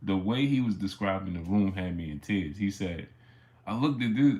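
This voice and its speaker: A man's voice: sits low, expressive, normal speed, a little mellow. A man hosting a sports livestream, telling a story in a rambling way with many fillers and restarts, and greeting chat viewers by name along the way. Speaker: sports channel host.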